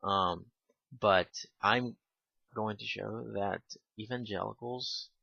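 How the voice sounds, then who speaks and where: A man giving casual spoken commentary, halting with fillers and restarts, and given to irritated asides. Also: lowish voice, creaky, bright, forceful tone, no room sound. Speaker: video commentator. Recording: dull lo-fi home recording.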